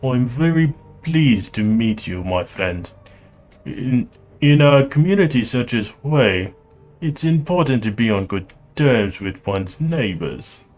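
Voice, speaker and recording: A man voicing a pleasant, cultured mechanic with a light Russian accent, polite and measured. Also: mid-range voice, lively intonation, darkish tone, soft background music.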